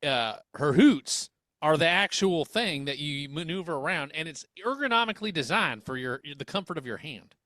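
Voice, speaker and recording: A man co-hosting a comedic podcast, riffing absurd bits in a deadpan way. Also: on the high side, moderate pace, no room sound, clean studio sound. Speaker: co-host.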